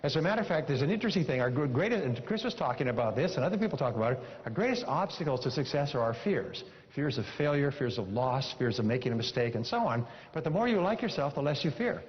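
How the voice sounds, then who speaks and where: Coaching the crowd at a seminar, this speaker hammers home his key phrases with emphatic, motivational energy. His mid-range voice swings widely in pitch, and he moves quickly with hardly a pause. The sound is lo-fi and muffled, carrying a long reverb from the hall.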